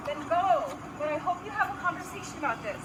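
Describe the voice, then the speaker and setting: Woman, high lively voice, measured scolding lecture, phone video outdoors, traffic noise. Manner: measured, scolding, formal phrasing. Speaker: driver in a roadside dispute. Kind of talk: confrontational lecturing. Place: outdoors by a car near traffic.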